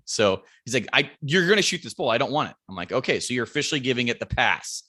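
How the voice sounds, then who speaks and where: Bright-voiced man telling a hunting story. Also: medium pitch, quick pace. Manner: animated storyteller acting out quotes, swears freely. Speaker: podcast guest.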